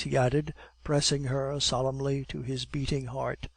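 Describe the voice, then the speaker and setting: A man narrating an audiobook in a steady, measured reading style. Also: mid-range voice, gravelly, no echo. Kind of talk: scripted narration.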